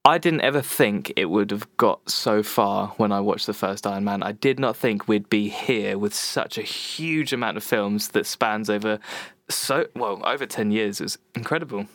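A man's voice: on the low side, normal speed, fairly bright tone, no echo, clean studio sound. A man co-hosting a podcast, rambling and correcting himself as he talks. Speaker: podcast co-host. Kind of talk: casual chat.

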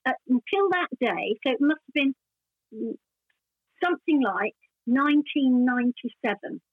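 A woman's voice: sits high, breathy edge, no echo. An older woman, a former actress, telling long anecdotes in a chatty, rambling way during an interview. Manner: warm, chatty anecdotal storytelling with many restarts. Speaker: actress guest. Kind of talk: casual interview chat. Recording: dry tinny phone-like line.

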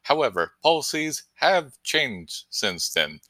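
A man voicing a stiff male field reporter, delivering a formal report in a deadpan way. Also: mid-range voice, slow pace, dry recording, voice pushed up, exaggerated voice.

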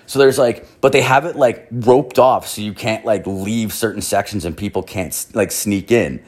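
A man's voice: lowish voice, normal speed, darkish tone. A young man telling a long, profane, rambling anecdote, full of fillers and swearing. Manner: crude, filler-heavy, swears constantly. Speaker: storyteller.

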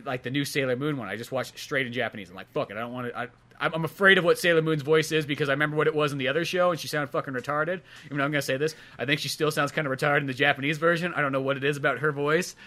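A man's voice: on the high side, racing, bright, forceful tone. A man co-hosting a podcast in casual chat, rambling, swearing often and laughing a lot. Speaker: podcast co-host.

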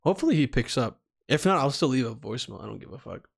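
A man hosting a podcast, talking casually, crude and excitable, stammering at times. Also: medium pitch, fast, gravelly, husky. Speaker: podcast host.

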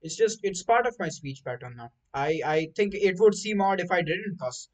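A man hosting a casual podcast, with a voice a little high for a man. He rambles from one thing to the next, animated and loose, swearing freely as he talks. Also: normal speed, rough recording. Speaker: podcast host. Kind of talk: casual chat.

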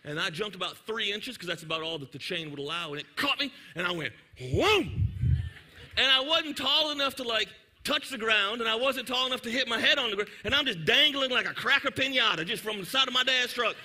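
A man, preaching to his congregation. He tells a lively, joking story and talks directly to the crowd. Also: very high-pitched, fast, hardly any pauses. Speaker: pastor. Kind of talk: sermon storytelling.

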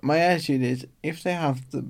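A man co-hosting a casual chat show, relaxed and self-deprecating, often trailing off into fillers. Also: fairly high pitch, fairly quick, creaky. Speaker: podcast co-host.

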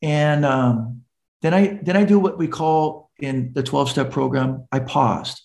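A man's voice: a little high, unhurried, gravelly, darkish tone. A middle-aged man, a recovery coach, earnestly telling his personal story as a podcast guest and acting out the voices of the people in it.

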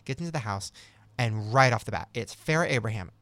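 A man hosting a podcast, telling reality TV gossip in a lively, chatty way. He has a gravelly, fry-edged voice at a middle pitch, and it sounds close and dry. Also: brisk, no echo. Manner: gossipy storytelling, animated. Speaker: podcast host. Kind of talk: casual chat.

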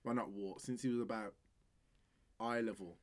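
A man, co-hosting a casual podcast with slangy, relaxed banter. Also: moderate pace. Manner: relaxed slang-heavy banter, drops into low murmured joke voices. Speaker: podcast co-host. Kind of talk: casual chat.

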